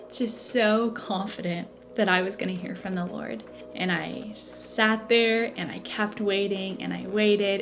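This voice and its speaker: A woman giving an earnest, emotional personal testimony, building her story with repeated phrases. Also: medium pitch. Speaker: Catholic convert telling her story.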